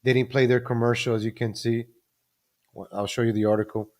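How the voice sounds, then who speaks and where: A live-streamer's casual news commentary turns into a rant, punctuated by frequent cries of "ladies and gentlemen." His medium-pitched voice runs a little fast and barely shifts in pitch.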